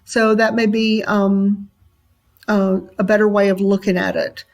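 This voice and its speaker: Slow-talking woman teacher, many ums. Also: medium pitch. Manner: relaxed and unhurried, many ums and uhs. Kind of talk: recorded classroom lesson.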